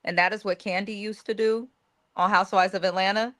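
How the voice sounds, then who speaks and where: A woman's voice: medium pitch, fairly even intonation, brisk, fairly bright tone. A woman giving blunt, opinionated commentary about a reality TV star in casual chat.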